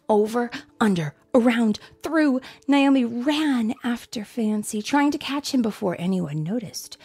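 Slow, whispery woman reading a storybook. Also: medium pitch. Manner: soft, often whispery, animated storytelling. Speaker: storybook reader. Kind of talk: children's read-aloud with asides.

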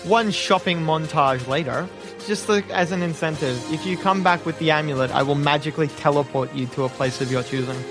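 Relaxed male game master, teasing, chuckles often, light music behind. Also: on the high side. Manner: laid-back, chuckling, teasing. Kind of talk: narrating a tabletop game.

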